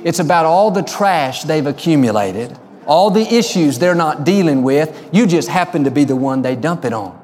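A man preaching a sermon, telling stories and slowing down to stress key lines. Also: fairly high pitch, darkish tone, big-room sound. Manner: storytelling, slows for emphasis. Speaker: pastor.

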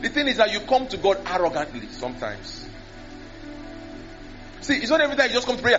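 A preacher, speaking animatedly into a handheld mic, often mimicking prayers and repeating words. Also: male voice, high voice, very animated, moderate pace, pauses often, a bit bright, soft background music. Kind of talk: sermon. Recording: dull lo-fi sermon recording.

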